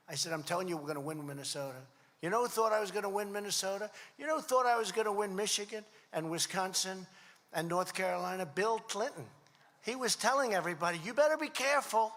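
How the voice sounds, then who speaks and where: In a large hall with long reverb, a political speaker in his seventies addresses a rally. His voice sits high and a bit bright as he rambles repetitively, telling stories conversationally.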